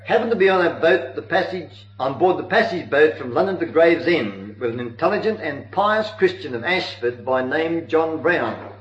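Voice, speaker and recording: A man giving a sermon on church history, telling it earnestly with occasional hesitations, in a dull, roomy old recording. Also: a little high. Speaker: preacher.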